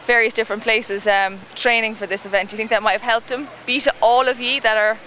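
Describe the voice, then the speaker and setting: A fast-talking woman interviews jockeys at a race track at night. Her voice is bright and forward, and her teasing questions come quickly. Faint outdoor noise sits behind her. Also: fairly high pitch, steady tone.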